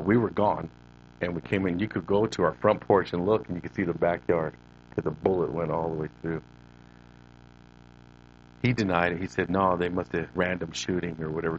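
A middle-aged man with a very low voice tells the story of his own childhood to a live audience. He speaks to them directly and acts out what he said as a boy. The sound is dull and lo-fi, with a faint hum underneath. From Northern California. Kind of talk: personal testimony to an audience.

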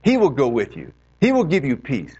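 Earnest preaching man, lively delivery. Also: mid-range voice, slightly rough. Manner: earnest, exhorting, drawn-out emphatic phrasing. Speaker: pastor. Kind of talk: sermon. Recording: dull lo-fi recording.

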